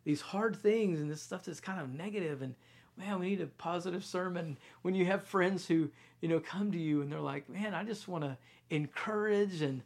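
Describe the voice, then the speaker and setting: Man, pastor, sermon, conversational, husky, somewhat high-pitched. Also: normal speed. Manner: conversational preaching, storytelling, quiet intense stretches.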